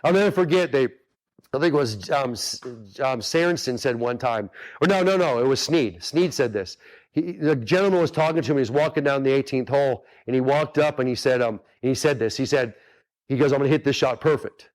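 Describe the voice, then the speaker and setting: Speaking a little fast in a medium-pitched voice, this man hosts a golf coaching webinar with casual earnestness. He tends to repeat points and drop asides, talking straight to his audience to confirm they understand.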